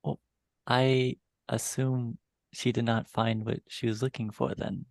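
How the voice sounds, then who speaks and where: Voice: medium pitch, flat delivery, a little slow, a little mellow, dry recording, clean studio sound. A player in a tabletop role-playing game, casual and a bit tentative.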